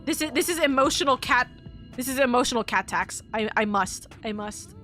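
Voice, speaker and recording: A woman's voice: fairly high pitch, animated, a little fast, pushed and bright, faint music behind. A young woman streaming a story game, gushing and emotional as she talks, rambling through restarts. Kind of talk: casual live-stream commentary.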